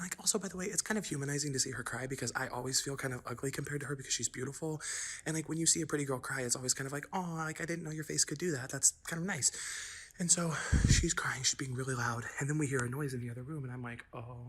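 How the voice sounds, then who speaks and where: A man in his twenties telling a long comic story about his life in a fast, chatty, self-deprecating way, often dropping to a whisper for asides. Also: medium pitch, a bit bright, husky. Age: 20s. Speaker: comedian. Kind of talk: rambling comic storytelling monologue.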